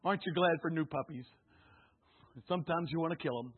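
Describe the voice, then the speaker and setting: A man preaching a sermon, calling out questions to the congregation and rising to shouts. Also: fairly high pitch, fairly quick, breathy edge. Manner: call-and-response, rising to shouts. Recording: tinny phone-like sound.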